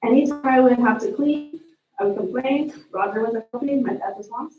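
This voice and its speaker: A woman speaking as a sister at a memorial, telling family stories in an animated way. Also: a little high, moderate pace. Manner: storytelling, animated retelling of family moments. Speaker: sister giving a eulogy. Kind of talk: memorial eulogy with family anecdotes. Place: memorial service room. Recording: distant echoey room mic, dull sound.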